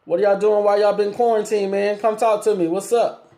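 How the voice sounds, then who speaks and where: A man's voice: high voice, flat delivery, brisk, dark tone. A man hosting a casual call-in talk show, speaking to listeners and callers directly with lots of ums, polite but firm. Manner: laid-back, lots of ums, asks listeners questions. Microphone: streaming setup with cameras.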